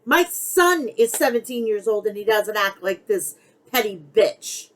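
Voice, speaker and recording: A woman's voice: mid-range voice, lively intonation, unhurried, a bit bright, poor audio. A middle-aged woman hosting a podcast, ranting bluntly and heatedly about pro wrestling with heavy swearing. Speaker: podcast host. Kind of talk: wrestling opinion rant.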